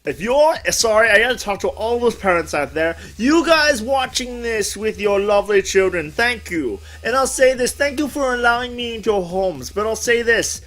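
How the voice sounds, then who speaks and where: A man's voice: high voice, moderate pace, hardly any pauses. A man hosting a casual interview, rambling and correcting himself as he talks. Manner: rambling, animated, self-correcting. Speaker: host. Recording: background music.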